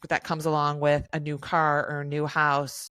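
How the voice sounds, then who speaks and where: Low-voiced woman, dry close sound. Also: completely flat delivery, normal speed, fairly bright tone, smooth, no room sound. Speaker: conversation partner. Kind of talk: casual conversation.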